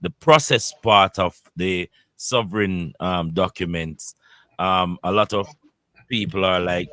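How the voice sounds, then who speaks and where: A man hosting an online workshop, speaking in a measured way with frequent fillers. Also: deep voice, a bit bright, no room sound. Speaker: workshop host.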